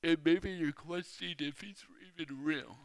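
A man preaching a sermon, telling a personal story slowly and with emphasis. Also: on the high side. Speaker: speaker. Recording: reverberant hall.

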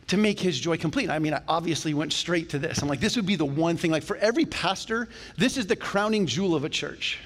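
A male pastor preaching a sermon in a church, talking to the congregation in a conversational, animated way with jokes along the way. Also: a little high, fast, few pauses. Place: church sanctuary. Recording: long reverb of a church hall.

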